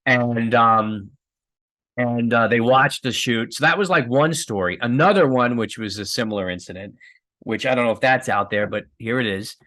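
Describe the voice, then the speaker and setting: A filmmaker guest telling stories in a casual, rambling way, with many fillers and restarts and frequent laughs. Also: male voice, medium pitch, moderate pace, sharp tone.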